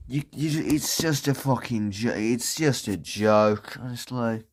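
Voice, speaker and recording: Gamer guy cursing at his team, talks slow, kinda far from the mic. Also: medium pitch. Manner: swearing, ranting at teammates. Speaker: gamer commentating own match. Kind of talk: frustrated gameplay commentary. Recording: voice distant from the mic.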